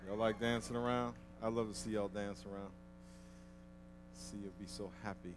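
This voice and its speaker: A man's voice: on the low side, fairly even intonation, moderate pace, music in the background. A man pastor preaching a sermon, telling a story in a casual way and then pressing his point with rising force. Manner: conversational storytelling, building to emphatic exhortation. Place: church.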